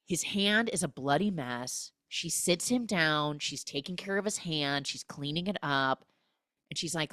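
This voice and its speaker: Animated woman doing a chatty movie recap. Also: sits low, measured pace, no room sound, clean studio sound. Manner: animated, acts out characters' lines in exaggerated voices; chatty, peppered with "like" and "he's like". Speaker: podcast host.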